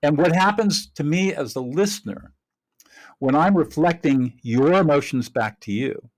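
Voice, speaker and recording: A man speaking as a podcast guest, earnest and explanatory, with a mid-range voice. The sound is dry and close, with no room echo. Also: medium pitch. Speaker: guest, mediator and trainer. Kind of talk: podcast interview.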